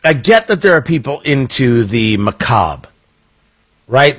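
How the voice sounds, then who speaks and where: A man's voice: mid-range voice, sing-song, normal speed, fairly bright tone, husky. A man hosting a morning radio talk show, joking wryly and interrupting himself as he riffs. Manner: wry, joking, self-interrupting. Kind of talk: casual morning radio chat. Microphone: studio microphone.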